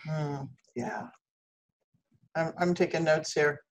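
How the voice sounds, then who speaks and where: A man's voice: a little high, fairly even intonation, slow pace. A man hosting an interview, adding brief encouraging remarks. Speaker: host.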